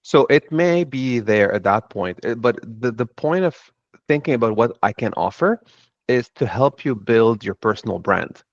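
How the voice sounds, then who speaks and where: A man's voice: mid-range voice, lively intonation, normal speed, dry recording. A middle-aged man from Lebanon with a Lebanese accent, speaking earnestly on a panel about his own path. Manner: earnest, reflective storytelling. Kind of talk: panel talk. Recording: dull dry sound.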